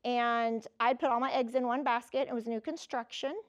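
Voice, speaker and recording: This motivational keynote comes from a woman in her fifties whose voice is on the high side and whose speed is normal. She recounts personal stories lively and conversationally, addressing the audience head-on.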